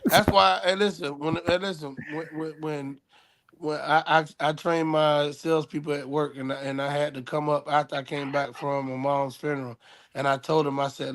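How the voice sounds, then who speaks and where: Casual male co-host, rambling and animated, somewhat higher voice. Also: moderate pace. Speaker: co-host introducing guest. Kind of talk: casual chat.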